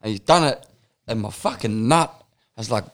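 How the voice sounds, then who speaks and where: Laid-back Australian bloke. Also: male voice, on the low side, lively intonation, moderate pace, fairly bright tone. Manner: laid-back, sweary, laughs while telling stories. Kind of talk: casual chat.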